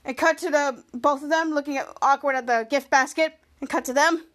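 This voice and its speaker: A woman hosting a podcast, casually recapping a TV episode in a halting way, often restarting and repeating words. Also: sits high, a bit bright. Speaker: podcast host.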